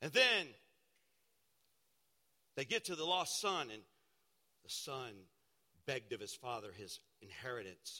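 A man, a pastor, preaching a sermon with dramatic storytelling that swings from loud to hushed. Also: mid-range voice. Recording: long hall reverb.

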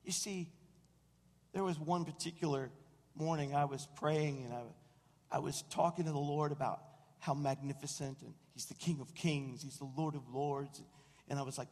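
A man preaching a sermon as senior pastor, telling stories with animated asides and acting out what people said. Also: medium pitch, fairly quick, gravelly. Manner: storytelling, animated, mimics quoted voices. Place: church sanctuary. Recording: long reverb of a large room.

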